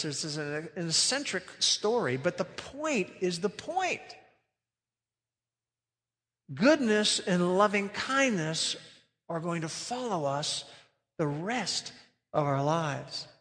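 A man's voice: a little high, a bit bright, in a large hall. A man preaching a sermon as pastor, earnest and emphatic, stretching out key phrases.

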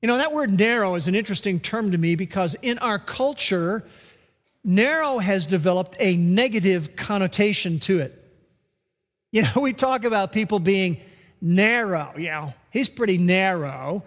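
A man with a high voice delivers a sermon at a slow, deliberate pace. He now and then acts out comic voices for the people in his stories. His words ring out with the long reverb of a large church hall. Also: expressive, fairly bright tone. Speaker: pastor.

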